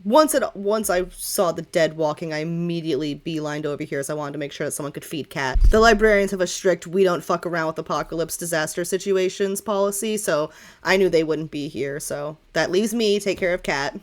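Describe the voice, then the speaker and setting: A woman's voice: lowish voice, brisk, natural voice. Woman voicing a wry young researcher. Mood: breezy. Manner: breezy, sarcastic understatement. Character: young female library researcher, cheerfully wry.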